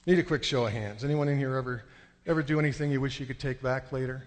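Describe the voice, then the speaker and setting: Guy preaching, mid-range voice, gets all excited telling a story, big hall echo. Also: fast talker. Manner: animated storyteller, jumps into high excited delivery. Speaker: pastor. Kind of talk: sermon with storytelling. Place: church sanctuary. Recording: long hall reverb.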